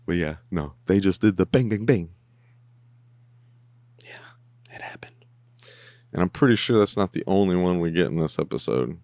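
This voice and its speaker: A man with a low voice talks loosely over an episode he is watching, joking and slipping into mock voices of the characters. His mic is close and the sound is dry, with no room in it. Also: lively intonation, normal speed, long pauses, darkish tone, no echo. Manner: rambling and jokey, humming along and mimicking characters. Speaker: podcast host reacting to a TV episode. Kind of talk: casual watch-along commentary. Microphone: headphones on, close mic.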